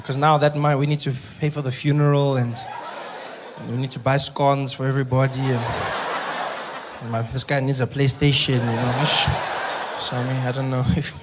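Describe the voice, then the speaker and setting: A young man with a South African accent telling an animated, exasperated stand-up story. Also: medium pitch, moderate pace, background noise. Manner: animated, exasperated, shouting outbursts. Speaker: stand-up comedian.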